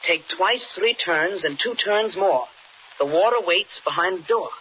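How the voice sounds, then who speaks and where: Jimmy Olsen, eager boyish young reporter. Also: male voice, high-pitched, a little slow. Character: eager teenage boy reporter, brave and curious. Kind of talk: 1940s radio acting. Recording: dull old radio recording with faint hiss.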